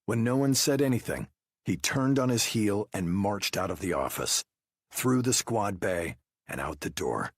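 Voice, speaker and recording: A man narrates an audiobook in the first person with a measured delivery. His low voice is husky yet lively in pitch, and the recording is very dry. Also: no echo.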